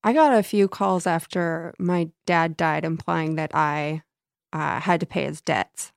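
Woman co-host, blunt and profane, gravelly voice, dry close mic. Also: low-pitched, dry recording. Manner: blunt, swears, quick reactions. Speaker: podcast co-host. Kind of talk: casual chat.

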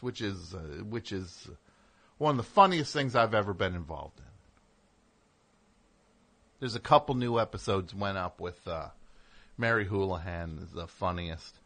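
This is a middle-aged man hosting a radio show, wandering from one thought to the next. He keeps interrupting himself and slips sarcastic little asides in between. His voice sits at an ordinary male pitch. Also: fairly bright tone. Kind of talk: rambling on-air monologue.

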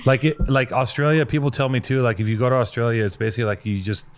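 A male podcast host chats at a fast clip and jokes around freely. He swears casually and spins out long riffs on hearsay. His pitch sits in an ordinary middle range. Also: fairly even intonation.

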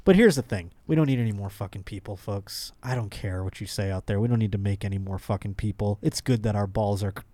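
A man's voice: fairly low pitch, fast, hardly any pauses, dark tone, no room sound. A man hosting a comedy podcast, rambling through news stories with crude jokes. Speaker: podcast host. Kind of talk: casual comedic chat.

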